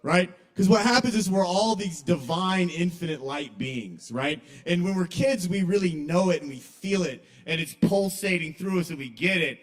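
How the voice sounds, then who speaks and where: A young man with a drawl tells stories at an open mic in a kava bar. His voice sits a little high, and his delivery is confessional and rambling, with sudden loud outbursts in his acted quotes. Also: expressive, moderate pace, few pauses. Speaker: stand-up comedian at an open mic. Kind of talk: casual stand-up comedy.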